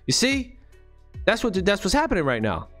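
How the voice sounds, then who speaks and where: Brief: an emphatic, profane man ranting with street slang, speaking a little high, with faint music behind him. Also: huge pitch swings, moderate pace, a bit bright. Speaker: vlogger. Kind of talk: casual ranting monologue.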